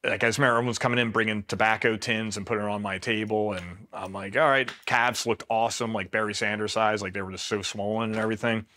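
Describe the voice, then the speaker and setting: Man, middle-aged, from Pennsylvania, Marine veteran, casual deadpan storytelling, lowish pitch, forceful edge. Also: fast, few pauses. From Pennsylvania, USA. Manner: laid-back, deadpan, quotes himself flatly.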